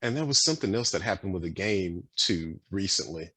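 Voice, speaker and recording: A man's voice: sits low, lively intonation, fairly quick, fairly bright tone, slightly rough, no echo. A man co-hosting a podcast, talking casually and earnestly, repeating himself with lots of fillers. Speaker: podcast co-host. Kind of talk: casual chat.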